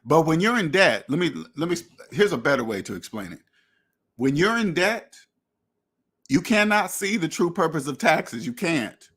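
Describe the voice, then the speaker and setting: Speaking at a moderate pace, the male finance podcast host has a slightly high, fairly bright, husky voice with big swings in pitch. His casual monologue is blunt and preachy, full of acted-out imagined dialogues and the occasional profanity.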